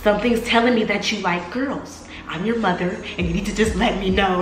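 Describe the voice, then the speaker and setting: A woman's voice: mid-range voice, steady tone, normal speed, few pauses, fairly bright tone, reverberant, slight background noise, low-quality recording. A young woman telling a story in a casual vlog. She talks animatedly, acts out the voices of the people in it and says "like" a lot. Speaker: vlogger.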